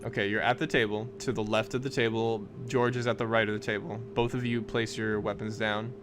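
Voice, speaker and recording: A man narrating a tabletop game as game master, in quick, offhand narration. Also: on the low side, little pitch movement, over music.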